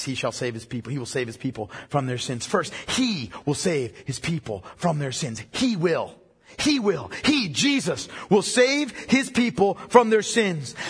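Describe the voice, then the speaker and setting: Emphatic preacher man, husky, in reverb. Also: a bit bright. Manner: emphatic, repeats key phrases, drops to low voice for weight. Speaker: pastor. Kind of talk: sermon. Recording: long reverb of a large hall.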